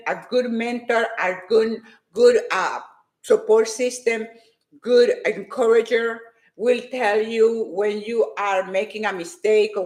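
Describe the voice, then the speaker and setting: A woman with a fairly high voice gives a hyper, emphatic motivational talk to her live-stream viewers, forcefully repeating her points. The room sounds echoey.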